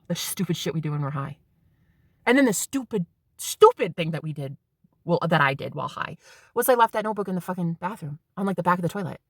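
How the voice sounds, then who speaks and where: A woman's voice: fairly low pitch, expressive, brisk, pauses often, dry recording, clean studio sound. A woman in her thirties telling a rambling, casual story to her vlog viewers and swearing freely. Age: 30s. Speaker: spiritual vlogger.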